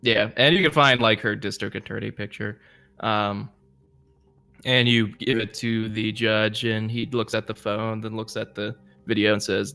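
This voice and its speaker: A man's voice: on the low side, fairly even intonation, a little slow, gravelly, pushed and bright. A man narrating as game master of a tabletop role-playing game in a casual manner with fillers. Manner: casual narration with fillers, voices characters inline.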